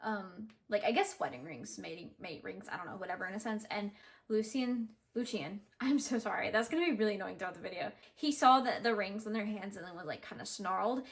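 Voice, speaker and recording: A woman's voice: mid-range voice, fast, few pauses. A young woman vlogger chatting casually about a book she is listening to, rambling with lots of fillers and self-corrections. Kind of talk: casual reading vlog chat. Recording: background music under the voice.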